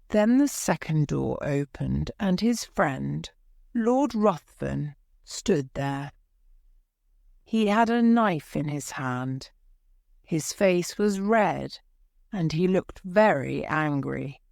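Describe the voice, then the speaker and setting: Slow low-voiced woman reading a story. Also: expressive, a little mellow, no room sound, clean studio sound. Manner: clear, deliberate, dramatic. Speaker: story reader.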